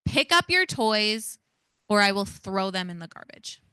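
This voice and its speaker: A woman acting out an exasperated mother who scolds her child with sharp, repeated commands. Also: mid-range voice, steady tone, moderate pace, vocal fry, smooth, no echo, studio quality. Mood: scolding, exasperated. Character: exasperated nagging mother yelling at her kid.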